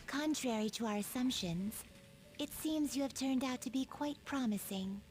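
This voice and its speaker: A woman voicing a stern young female warden who addresses an inmate coldly and crisply. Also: high-pitched, moderate pace, music in the background, natural voice, rough recording.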